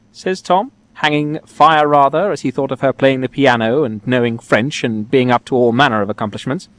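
A man reading a classic story aloud, with slow, theatrical dialogue reading. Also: medium pitch, no echo. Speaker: reader.

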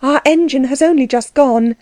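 A woman's voice: high voice, normal speed, warm tone, no echo, voice pushed up, natural voice. A woman doing a frantic, pleading young woman. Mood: anxious. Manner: urgent, pleading.

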